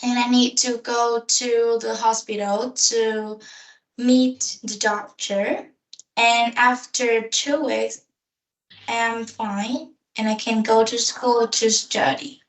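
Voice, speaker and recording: A woman answering questions in hesitant, halting learner English during a speaking practice conversation. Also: on the high side, level tone. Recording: echoey room, voice far from mic.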